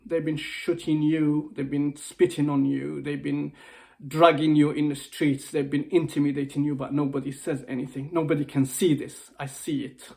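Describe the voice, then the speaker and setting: Man, motivational speaker, impassioned, near tears, higher pitch, pleading, halting repeats. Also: level tone, gravelly, mellow. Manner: emotional, pleading, repeats and restarts phrases. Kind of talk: impassioned personal video message.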